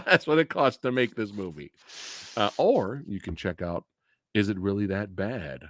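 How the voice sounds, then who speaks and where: A man's voice: on the low side, expressive, measured pace, bright, forceful tone, no echo, clean studio sound. A man hosting a casual movie review stream. He rants with a lot of swearing and laughs often. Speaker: host of a movie review channel.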